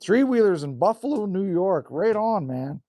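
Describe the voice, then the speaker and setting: A man's voice: sits high, big pitch swings, moderate pace, dark tone, no echo. A man chatting casually on a live stream outdoors, reading out viewer comments and answering them in a laid-back, rambling way. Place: outdoors by a cabin in the cold.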